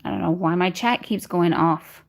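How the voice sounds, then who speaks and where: A woman chats through a casual home livestream. She greets viewers one by one and reads their comments out loud. Her voice sits a little on the low side. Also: normal speed, vocal fry. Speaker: livestream host reading chat. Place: home in Texas during a power outage.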